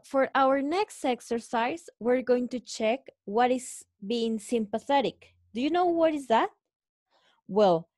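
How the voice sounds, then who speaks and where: A woman English teacher with a Mexican Spanish accent, explaining a lesson slowly to her students and calling them guys. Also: on the high side, darkish tone, no echo, studio quality. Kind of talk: recorded online lesson.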